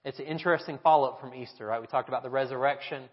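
A pastor delivering a sermon, telling stories and asking the congregation rhetorical questions. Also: male voice, mid-range voice, fairly even intonation, rapid-fire. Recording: echoey hall, dull lo-fi sound.

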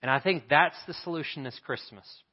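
A man's voice: fairly high pitch, normal speed. A man preaching a sermon in a church, telling a story earnestly and then leading a prayer. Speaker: pastor. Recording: reverberant hall, dull lo-fi sound.

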